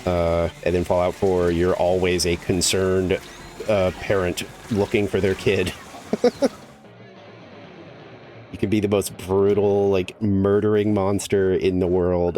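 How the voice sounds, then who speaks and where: Low-voiced rambling male streamer. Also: level tone, a little slow, warm tone, faint music behind. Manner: rambling, full of "like", swears casually. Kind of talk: casual chat while gaming.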